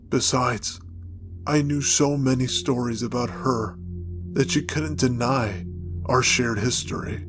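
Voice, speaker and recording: A man's voice: mid-range voice, lightly acted. A man voicing a weary old grandfather. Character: old dying grandfather, ex-SS officer in disguise. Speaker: narrated figure. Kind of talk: dramatized story reading.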